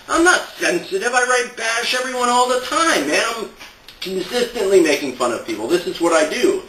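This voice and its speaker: A man delivers an exasperated, sarcastic rant, now and then laughing at his own points. His voice sits a bit high and sounds tense and bright. He is recorded from some distance in a roomy, echoey space. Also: very animated, a little fast, a little hiss or hum. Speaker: satire blogger. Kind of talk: ranting monologue to camera.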